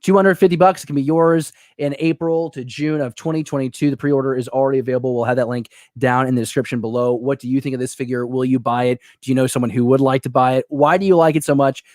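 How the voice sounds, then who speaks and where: A man hosting a live show, talking in an energetic, rambling, joking way, reading out fan questions. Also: mid-range voice, fast talker, hardly any pauses, no echo, clean studio sound. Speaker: host.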